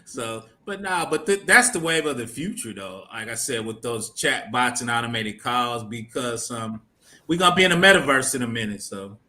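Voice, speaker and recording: Male co-host, sharp bright voice, explainer type, quick to agree. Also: mid-range voice, expressive. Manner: agreeing "facts" often, explanatory. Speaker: podcast co-host. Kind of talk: casual group chat.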